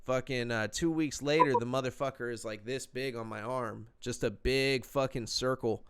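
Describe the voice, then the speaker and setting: A young man telling a story on a podcast, swearing constantly and acting out every beat. His voice is smooth and clean, pitched in an ordinary middle range, and he talks in loose, rambling casual chat. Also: normal speed. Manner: profane, animated storyteller. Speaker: podcast co-host.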